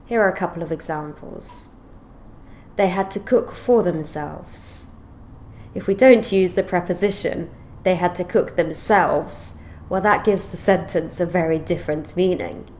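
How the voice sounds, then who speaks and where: A woman teaching an English grammar lesson, explaining clearly and reading out example sentences in a measured way. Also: fairly low pitch, a little mellow, slight background noise.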